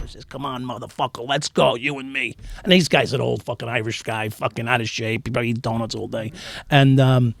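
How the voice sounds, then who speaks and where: A middle-aged former New York cop, appearing as a podcast interview guest, tells stories bluntly and with plenty of profanity, acting out what people said. His voice is medium-pitched and gravelly, with no room sound.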